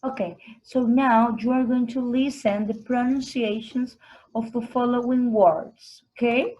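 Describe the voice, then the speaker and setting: Woman teacher, fairly high voice, slow repeat-after-me drills, clear enunciation. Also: steady tone, warm tone, muffled recording. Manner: models each word twice, slow and clearly enunciated. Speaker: English teacher. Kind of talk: slow vocabulary lesson with repetition drills.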